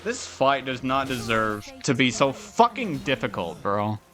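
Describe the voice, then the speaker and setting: A young man streaming a video game, chatting casually with viewers, swearing often and venting loudly at the game. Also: mid-range voice, sing-song, a little slow. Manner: loud, swearing, frustrated outbursts and laughing. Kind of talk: casual gaming stream chat.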